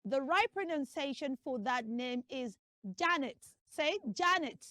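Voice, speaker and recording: A woman's voice: high voice, expressive, measured pace, no echo, studio quality. A woman playing a comic pronunciation teacher, emphatically drilling a class and spelling out names letter by letter. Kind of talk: comic classroom lesson skit.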